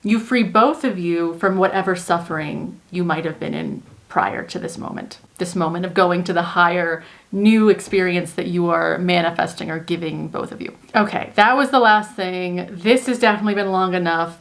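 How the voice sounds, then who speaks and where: Woman talking to camera, earnest chatty coach vibe, says like a lot, mid pitch. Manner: earnest, chatty, many "like" fillers. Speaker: manifestation coach and video host. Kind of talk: casual teaching monologue to camera.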